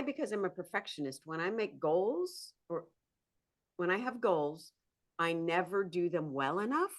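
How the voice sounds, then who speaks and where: Animated woman therapist with a lively voice. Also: on the low side. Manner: animated, acts out inner voices and laughs often. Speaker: therapist turned coach, podcast guest. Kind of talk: conversational interview.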